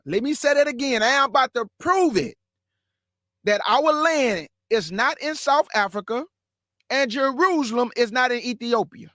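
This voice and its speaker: A man with a notably high voice leads a casual scripture lesson, pressing each point hard and circling back to repeat it. He addresses his listeners as family while steering them through a map on his screen. The sound is dry, with no room echo. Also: expressive, normal speed, sharp tone. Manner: emphatic, repeats key phrases, calls listeners "family". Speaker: Bible teacher, show host. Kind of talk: casual Bible teaching.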